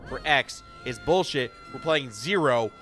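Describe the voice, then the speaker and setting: A man's voice: medium pitch, expressive, measured pace, bright, forceful tone. A man streaming a game, giving casual commentary with joking, swearing, self-mocking asides. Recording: game music behind the voice.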